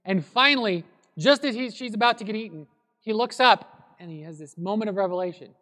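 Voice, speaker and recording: A man preaching a sermon as a pastor, telling a story in a relaxed, conversational way. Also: high voice, fairly quick. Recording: long hall reverb.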